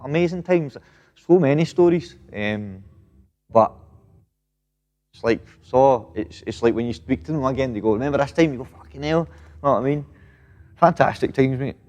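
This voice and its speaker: With long pauses and a darkish tone, a medium-pitched man talks at normal speed in a recording with long reverb. He is a Scottish professional boxer in his thirties, being interviewed as a guest, cursing freely and peppering his lines with "mate" and "know what I mean".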